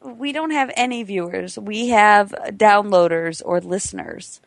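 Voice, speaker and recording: A woman's voice: mid-range voice, unhurried, vocal fry, no echo. A woman hosting a podcast, chatting in a playful, teasing way. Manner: playful, teasing, laughs often. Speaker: podcast host. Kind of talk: casual chat.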